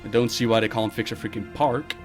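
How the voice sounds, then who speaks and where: A man hosting a live Q&A stream, reading viewer questions aloud and answering them bluntly and briskly. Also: mid-range voice, steady tone, faint music behind. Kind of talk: casual live-stream chat.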